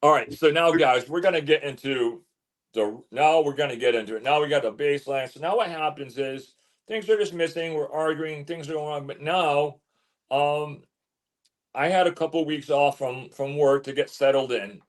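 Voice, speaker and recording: A man telling a story as an interview guest, animated, stumbling and repeating words as he goes. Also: a little high, normal speed. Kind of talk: casual storytelling.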